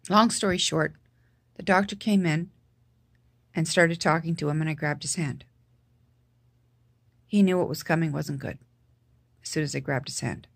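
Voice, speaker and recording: A woman from Canada with a low-pitched voice tells a painful family story straight to camera. She speaks haltingly, with many fillers and restarts, and grows soft and quiet at the saddest moments. The sound is dry and close. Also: creaky, no room sound. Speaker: vlogger. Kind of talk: personal storytelling.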